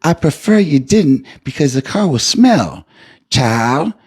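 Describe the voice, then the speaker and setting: A man's voice: a little high, takes it slowly, breathy edge, voice pushed up, full character voice. Man doing a serene, pious old lady. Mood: gently firm. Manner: calm, churchy, calls everyone child. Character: sweet, devout elderly woman driver, unflappable.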